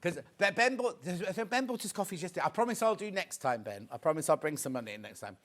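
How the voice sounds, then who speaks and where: Excitable British shopping-channel presenter man. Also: a little high, fast. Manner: excitable, chatty, counting down stock. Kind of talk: live TV shopping sales patter. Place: TV studio.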